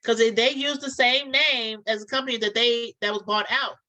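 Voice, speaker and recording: Woman, casual storyteller, lively, bright voice, slightly high. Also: normal speed, rough recording. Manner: animated, acts out both sides of calls. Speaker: podcast co-host telling a story.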